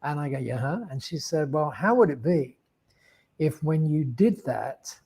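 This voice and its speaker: Husky Australian man telling a story. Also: a little high, expressive, measured pace, darkish tone. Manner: rambling, with frequent restarts and acted-out dialogue. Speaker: guest speaker. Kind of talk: storytelling interview answer.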